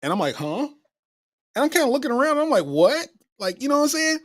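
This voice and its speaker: A man's voice: very high-pitched, very fast, dry recording. Guy telling a funny story, voice jumping all over, dry close mic. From Kentucky. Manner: animated, acts out his own reactions. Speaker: comedian host. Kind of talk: casual storytelling.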